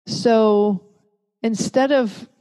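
A woman giving a calm, measured talk that teaches parents. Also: fairly high pitch, clear, resonant tone. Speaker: parenting educator. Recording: long reverb.

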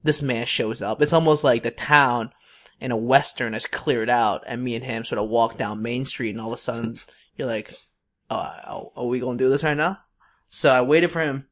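A young man co-hosting a podcast, telling a long story in a casual, rambling way with many fillers and restarts. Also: medium pitch. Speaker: podcast co-host.

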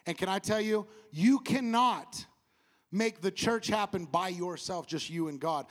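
A male pastor with a Southern US accent delivers an animated sermon in a notably high voice. He laughs at his own asides and prompts the congregation to answer back. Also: unhurried, long reverb tail. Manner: animated, laughs at himself, call-and-response with the congregation.

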